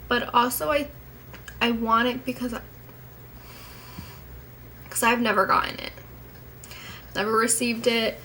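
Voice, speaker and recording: A woman's voice: on the high side, steady tone, unhurried, pauses often, pushed and bright, a little hiss or hum, poor audio. A young woman chatting casually to her camera at home as a vlogger, rambling and candid, swearing now and then.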